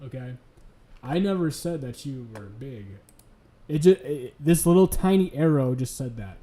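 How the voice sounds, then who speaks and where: A man's voice: mid-range voice, lively intonation, normal speed, warm tone. A young man streaming late at night, rambling and swearing casually as he chats. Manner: rambling, profane, chuckling.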